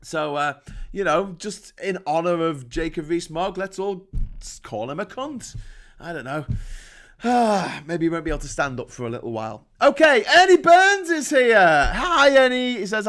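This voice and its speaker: A man's voice: a little high, lively intonation, normal speed, fairly bright tone. A man from the North of England, ranting casually and sarcastically on a live stream, swearing a lot and rambling.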